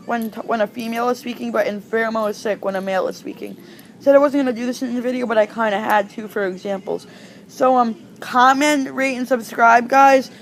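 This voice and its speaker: A woman giving an informal online language lesson, hesitant with frequent ums and restarts, slowing down to pronounce example phrases. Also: a little high, a little hiss or hum. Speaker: language tutor.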